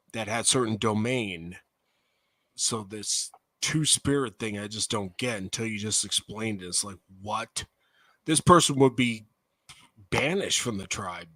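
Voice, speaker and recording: A man's voice: lowish voice, sharp tone, dry recording. A man co-hosting a casual livestream chat, making crude, sarcastic asides. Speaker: co-host.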